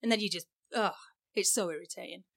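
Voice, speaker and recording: A woman's voice: medium pitch, fast talker, crowd noise. A middle-aged woman with an English accent, chatting and giggling as a podcast co-host, self-mocking. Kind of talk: casual chat.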